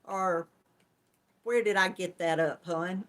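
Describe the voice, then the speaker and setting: Chatty Southern woman, slow and bright. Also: mid-range voice. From Georgia, US. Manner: chatty, affectionate, calls viewers hon and darling. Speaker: host greeting live chat viewers. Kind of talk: casual live-stream chat.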